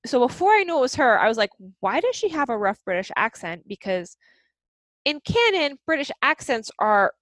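A woman's voice: fairly high pitch, very animated, normal speed, a bit bright, dry recording. A woman co-hosting a casual chat about a show, opinionated and laughing often as she lists her points. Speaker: podcast co-host.

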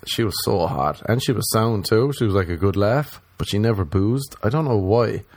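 Profane rambling Irishman, low dry voice. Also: moderate pace, dry recording. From Ireland. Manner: rambling, profane, mocking asides. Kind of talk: casual stand-up style monologue.

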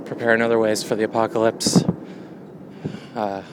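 A male comedian talking in a wry, meandering deadpan right after a run, a little winded, outdoors by a road. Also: fairly low pitch, normal speed, a little hiss or hum. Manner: wry, meandering, jokey asides. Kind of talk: rambling deadpan monologue.

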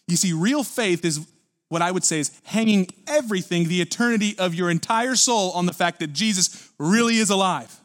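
A man preaching a sermon at a church service, earnest and building to forceful emphasis. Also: sits high, brisk. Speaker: pastor.

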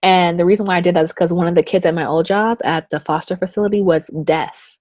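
A young woman chatting casually as an interviewee, telling lively stories and acting out what people said to her. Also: fast, no echo. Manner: animated storyteller who acts out quotes with big pitch jumps. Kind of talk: casual conversation.

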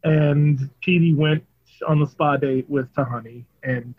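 Easygoing husky man, muffled audio. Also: on the high side, fairly even intonation, unhurried. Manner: easygoing, laughs often. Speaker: podcast co-host. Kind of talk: casual chat.

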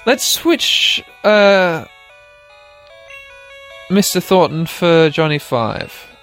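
A man's voice: sits high, very animated, extremely slow, fairly bright tone, soft background music. Chatty man narrating his game playthrough. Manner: chatty, self-mocking, talks to listeners directly, laughs often. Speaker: podcast host playing a video game. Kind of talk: casual let's-play commentary.

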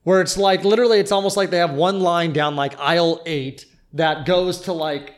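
A man's voice: fairly high pitch, steady tone, normal speed. A young man chatting casually on a podcast, venting and rambling with lots of fillers. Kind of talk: casual chat.

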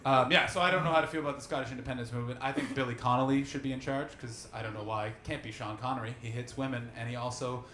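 A young man doing a stand-up set, talking fast and profanely with animated crowd work. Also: medium pitch, a little hiss or hum. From Canada. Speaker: stand-up comedian. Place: small comedy venue, indoors. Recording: echoey comedy club.

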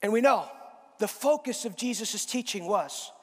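A man preaching a sermon, reading scripture and swelling to shouts on key phrases. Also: high voice, lively intonation, moderate pace, breathy edge, big-room sound.

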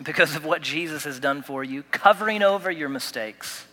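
A man's voice: fairly high pitch, brisk, few pauses, pushed and bright, big-room sound. A man pastor delivering a sermon, preaching with emphatic repetition and light humor. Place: church sanctuary.

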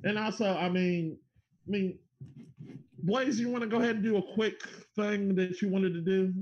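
A man co-hosting a casual podcast chat, animated and swearing, often acting out what people said. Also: sits high, normal speed. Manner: animated, swears, acts out quotes with laughs. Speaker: podcast co-host. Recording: dull lo-fi sound.

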